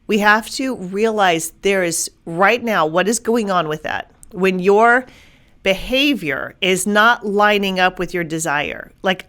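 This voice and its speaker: Energetic woman hosting a faith podcast. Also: mid-range voice, a little slow. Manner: energetic, emphatic, acts out inner voices; repeats words and restarts when stressing a point. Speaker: podcast host. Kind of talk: faith-based motivational talk.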